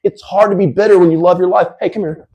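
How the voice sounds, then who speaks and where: A man hosting a casual livestream Q&A. He is brash and hyped, full of slang, and now and then bursts into shouting. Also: sits high, fairly even intonation, quick pace, lo-fi sound. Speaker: livestream host.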